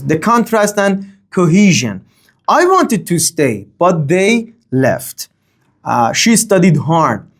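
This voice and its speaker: A man teaching a grammar lesson, speaking, often pausing on okay and uh and reading example sentences with a lifted tone. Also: mid-range voice. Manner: explains slowly with many fillers and okays. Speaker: language teacher.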